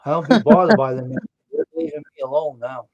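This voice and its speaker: A man's voice: fairly high pitch, animated, brisk, crowd noise. A man joking bluntly in casual chat. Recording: dull lo-fi sound.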